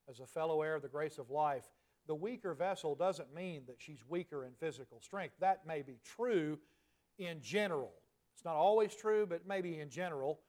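A man in his forties preaching a sermon in a conversational way, dropping to soft, emphatic asides. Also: a little high. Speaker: pastor.

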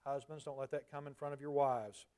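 A man in his forties preaching a sermon in a conversational way, dropping to soft, emphatic asides. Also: medium pitch, little pitch movement, fairly quick. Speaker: pastor.

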